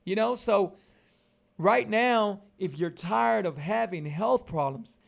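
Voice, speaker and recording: A man's voice: sits high, takes it slowly, vocal fry. A man in his forties vlogging casually about his diet, emphatic and preachy, repeating his points over and over. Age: 40s. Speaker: keto lifestyle vlogger. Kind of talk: casual motivational vlog talk.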